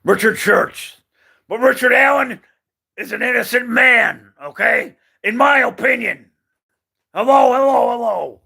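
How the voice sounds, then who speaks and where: High, gravelly man ranting emphatically. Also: unhurried, sharp tone. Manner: emphatic, rambling, repeats himself, gropes for names. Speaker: channel host. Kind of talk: unscripted opinion monologue.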